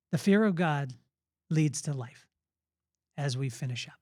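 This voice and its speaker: A man's voice: a little high, expressive, a little slow, long pauses, a little mellow, no room sound, clean studio sound. A middle-aged man hosting a podcast. He gives an earnest, emphatic motivational talk on faith in a conversational way. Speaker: podcast host.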